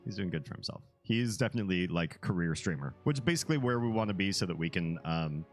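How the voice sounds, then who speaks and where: Male streamer with a very deep bass voice; loose, rambling casual chat with frequent chuckles, soft music behind. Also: expressive, fast. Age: young adult to middle-aged, a parent. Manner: rambling, easygoing, chuckles often.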